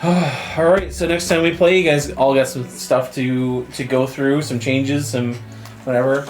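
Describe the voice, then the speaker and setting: A man's voice: mid-range voice, steady tone, unhurried, roomy sound. A man running a tabletop game as game master, narrating loosely with lots of fillers and laughter. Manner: loose, rambling, laughs often.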